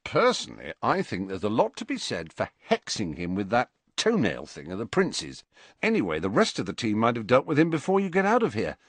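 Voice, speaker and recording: A man reading aloud and voicing a relaxed teenage boy who talks reasonably and low-key. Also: fairly quick, dry recording, heavily acted. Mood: reasonable.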